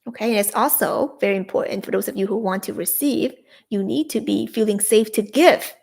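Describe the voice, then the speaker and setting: A young adult woman hosting a live-streamed spiritual coaching talk, leading soothing repeated affirmations with bursts of excitement. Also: mid-range voice, a little fast, vocal fry.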